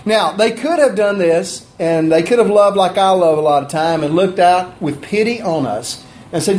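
A man preaching a sermon in a folksy, conversational way, with asides to people in the room and his pitch rising and falling for emphasis. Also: normal speed, hardly any pauses, a little mellow, a little hiss or hum. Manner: pitch rises and drops for emphasis. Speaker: pastor.

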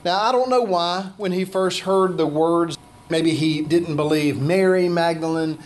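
A man's voice: high voice, a little slow. A man preaching a conversational sermon, acting out the scripture voices he quotes. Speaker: pastor.

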